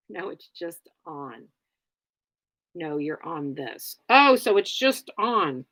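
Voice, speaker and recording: Slow, bright-voiced woman streaming live. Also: on the low side, sing-song, dry recording. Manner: rambling, many fillers, blunt. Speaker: livestream host. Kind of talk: casual livestream chat answering viewers.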